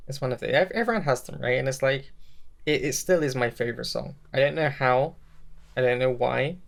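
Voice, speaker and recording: A man's voice: medium pitch, creaky. A young man co-hosting a podcast, talking in a casual, rambling and enthusiastic way, often laughing at himself. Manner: rambling, enthusiastic, self-mocking. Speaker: podcast co-host.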